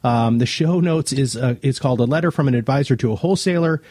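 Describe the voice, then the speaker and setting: Husky-voiced podcast host. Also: male voice, medium pitch, fast, a little mellow, no room sound, studio quality. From United States. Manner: friendly, rambling with fillers. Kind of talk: casual chat.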